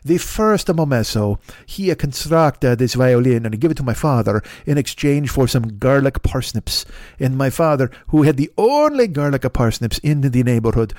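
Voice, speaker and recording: A man's voice: medium pitch, very animated, moderate pace, a little mellow, no echo, close to an everyday voice. A man doing a stubborn old Italian violin shopkeeper, speaking in a thick mock Italian accent with broken English. He is grandiose and solemn, and his voice sounds dry and close.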